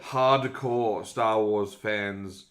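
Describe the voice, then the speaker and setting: A man's voice: on the low side, steady tone, drawn-out words, fairly bright tone. Rambling man in casual podcast chat. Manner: rambling, many restarts and repeated words. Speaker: podcast co-host.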